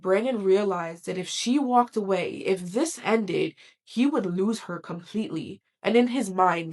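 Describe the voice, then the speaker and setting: A woman narrating a true crime story in a slow, dramatic, measured way, her volume swelling and dropping. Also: medium pitch, darkish tone.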